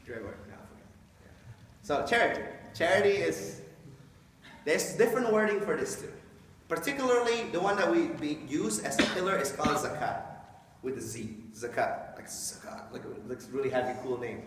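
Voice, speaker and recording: A man's voice: on the high side, animated, brisk, slight background noise. A man giving an informal, joking talk to a live audience, often acting out quoted voices. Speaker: speaker explaining Islam to an audience. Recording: echoey hall from a distant mic.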